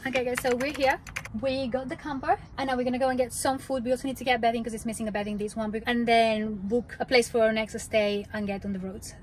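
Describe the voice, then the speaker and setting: A woman's voice: on the high side, fairly even intonation, quick pace, slight background noise. A woman travel vlogger chatting to the camera as she shows off a campervan and talks about her trip. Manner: chatty and emotional, talks straight to viewers. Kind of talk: casual vlog to camera. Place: inside a campervan and around a campsite.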